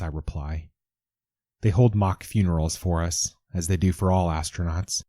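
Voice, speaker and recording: A man narrating a first-person story in a measured, intense way. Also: deep voice, steady tone, mellow, no room sound, studio quality.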